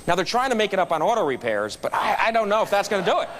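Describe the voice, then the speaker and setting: A man's voice: high-pitched, sing-song, very fast, very noisy. A man giving a humorous motivational speech to a club meeting, telling stories with punchlines. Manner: storytelling with punchlines. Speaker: guest speaker at a club meeting. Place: meeting room.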